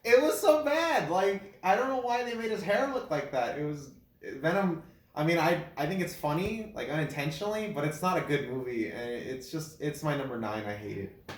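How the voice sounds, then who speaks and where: A man in casual chat ranking films, rambling with many fillers and breaking into loud incredulous laughter. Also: fairly high pitch, expressive, brisk. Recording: echoey room.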